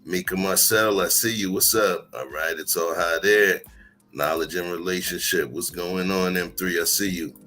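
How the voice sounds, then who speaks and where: A man hosting a livestream, chatting casually and greeting his viewers by name in a relaxed way. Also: deep voice, normal speed, faint music behind. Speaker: livestream host. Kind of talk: casual chat.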